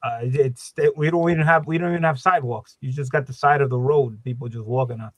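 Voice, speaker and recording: A man's voice: medium pitch, fast talker, no room sound. A man co-hosting a casual chat in a laid-back way, often repeating his words as he starts. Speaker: co-host.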